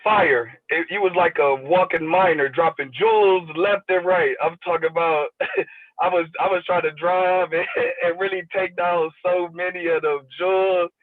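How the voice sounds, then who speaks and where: An excited man calls in from his car over a tinny, phone-like line, loud and slangy. His voice sits a little high, and the sound is dry. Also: moderate pace, dry recording. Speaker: caller.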